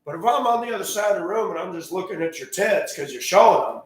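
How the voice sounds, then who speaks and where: A man ranting crudely in a monologue, breaking into loud outbursts and mocking voices. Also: sits high, expressive, fast, roomy sound. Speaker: host.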